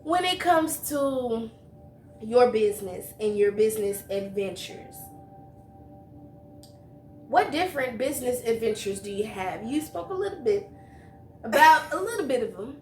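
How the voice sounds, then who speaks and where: Woman host, high and bright, lively slangy chat, echoey room. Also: measured pace, long pauses, slight background noise. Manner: animated, laughs often, slangy. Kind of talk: casual interview.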